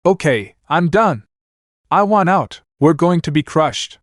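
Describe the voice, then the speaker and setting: A cornered female forger who snaps and whines, her voice pushed high above the reader's own , as a man acts her out. The delivery is dry and close to the mic. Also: lively intonation, moderate pace, no echo, close to an everyday voice. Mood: panicked. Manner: panicky, whiny.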